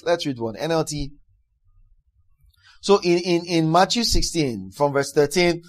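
A man delivers a sermon, moving between reading scripture and explaining it. His voice sits on the higher side for a man. He presses his points hard, repeats words, and builds to loud exclamations. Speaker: preacher.

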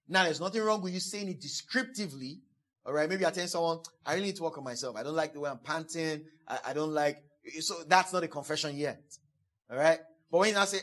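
A man's voice: on the high side, expressive, normal speed, fairly bright tone. A man preaching a sermon as pastor, emphatic, repeating key phrases again and again, and acting out quoted speakers. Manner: acts out quoted speakers in a playful voice.

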